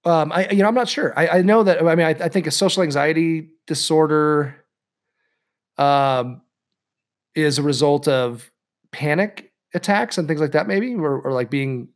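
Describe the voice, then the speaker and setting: Rambling man co-host, slightly high voice. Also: moderate pace. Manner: rambling, self-interrupting, jokey. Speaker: podcast co-host. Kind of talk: casual chat.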